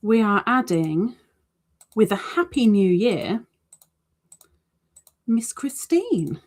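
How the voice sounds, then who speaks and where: Reading out comments from her viewers, a crochet livestream host chats casually and pokes fun at herself. Her voice sits at medium pitch with big swings, and she speaks slowly.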